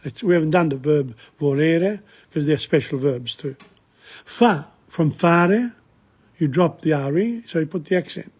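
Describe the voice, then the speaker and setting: A man's voice: on the high side, unhurried, a little mellow, husky. A man teaching an informal language lesson, explaining Neapolitan song lyrics line by line with frequent restarts and asides.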